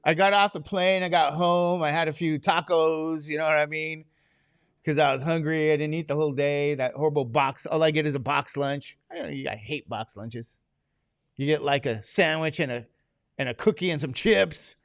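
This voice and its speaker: Lecturing to a class, a man with a somewhat high, steady voice talks at normal speed. Medication has left him drowsy, but he cracks jokes and asks his students question after question.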